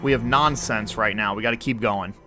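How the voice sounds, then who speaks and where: A man hosting a podcast, excitedly talking through his own video game play as he goes. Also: lowish voice, a little fast. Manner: excitable, narrates his every move aloud. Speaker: podcast host.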